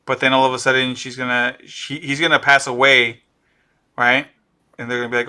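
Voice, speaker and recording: Excitable man with a bright, forceful voice. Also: medium pitch, quick pace. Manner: animated, excitable, riffs on ideas and laughs. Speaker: podcast co-host. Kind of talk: casual pop-culture chat.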